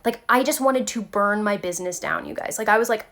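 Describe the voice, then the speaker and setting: A woman talking casually to her viewers about spiritual growth, animated and chatty, often saying "like" and "okay". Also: medium pitch, quick pace, hardly any pauses. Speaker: spiritual tarot vlogger.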